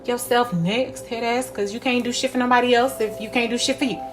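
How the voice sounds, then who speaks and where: A woman's voice: on the high side, fairly even intonation, brisk, over music. A young woman, talking bluntly and profanely in a candid vlog monologue, laughing often. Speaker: spiritual vlogger.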